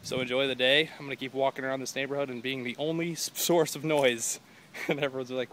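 Walking outside through a neighborhood with his phone camera at arm's length, a young vlogger jokes around and rambles casually, slipping into mock voices for quoted lines. His mid-range voice is a bit bright, fairly even, and a little fast, with slight background noise.

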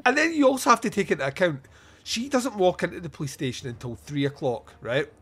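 A man's voice: sits high, quick pace, slightly rough. Laughing, swearing man hosting a podcast. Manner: laughs often, swears, animated and rambling. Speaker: podcast host. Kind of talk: casual film review chat.

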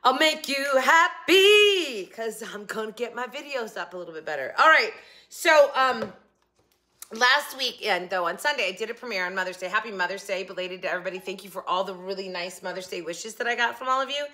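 A woman's voice: mid-range voice, quick pace, sharp tone. A woman hosting a casual shopping haul vlog from her home kitchen, chatty and rambling, often cutting herself off mid-thought. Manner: chatty, rambling, self-interrupting. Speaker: channel host. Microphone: phone camera.

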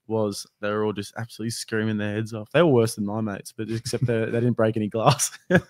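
An easygoing man chats and asks questions on a podcast, quick to laugh. His voice is fairly low and dry, recorded close with no echo. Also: level tone. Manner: laughs often, easygoing and curious. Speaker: podcast co-host. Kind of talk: casual podcast chat.

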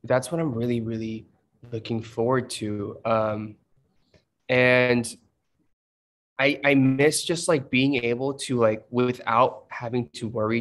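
A man's voice: medium pitch, little pitch movement, a little slow, a bit bright. A man in his thirties chatting casually on a livestream, telling stories and answering fan questions with lots of fillers. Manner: chatty storytelling, many fillers.

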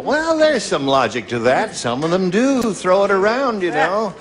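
A man's voice: high voice, big pitch swings, moderate pace, hardly any pauses, background noise. A man hosting a television game show in a studio, playful and teasing with the players. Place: television studio with live audience. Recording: studio audience and show music.

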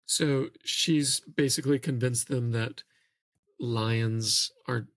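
A man co-hosting a podcast, thoughtfully reading passages aloud from a book and pausing to comment on them. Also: medium pitch, fairly even intonation, fairly bright tone, no room sound. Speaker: podcast co-host.

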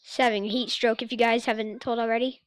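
A woman's voice: fairly high pitch, flat delivery, fast, no room sound, studio quality. A woman doing a teasing, sarcastic reaction commentary on a video as a YouTuber, often laughing.

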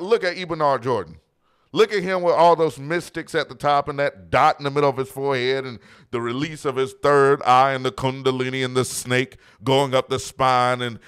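A man's voice: fairly high pitch, fairly bright tone, clear, resonant tone. A man preaching a sermon, impassioned and mocking, frequently acting out quotes. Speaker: pastor.

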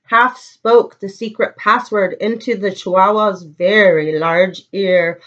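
Slow-reading preschool teacher woman. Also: medium pitch, lo-fi sound. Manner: slow, expressive storytelling. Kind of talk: reading a picture book aloud.

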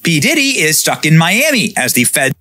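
A man with a somewhat high voice hosts a casual news commentary. His pitch swings widely as he reads out reports and reacts. The sound is dry and close. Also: moderate pace, no echo. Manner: animated, reading out reports with reactions. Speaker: host.

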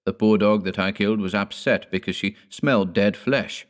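A man voicing an uneasy young village man in an audiobook, speaking in a hushed tone. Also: lowish voice, moderate pace, pitched above the performer's own voice, natural voice.

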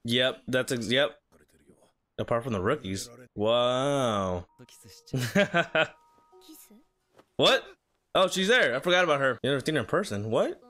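A man's voice: mid-range voice, lively intonation, a little slow, pauses often, pushed and bright. A young man casually reacting to an anime episode, chatting at the screen and reading the subtitles aloud. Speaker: reaction video host.

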